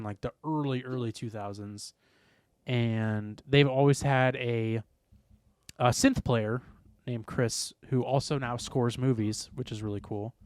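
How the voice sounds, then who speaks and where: A young man chats on a podcast and loses his thread as he goes. His voice is smooth and resonant, and the recording is close and dry. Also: medium pitch, a little mellow, no room sound. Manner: rambling, heavy use of "like". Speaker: podcast co-host. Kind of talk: casual chat.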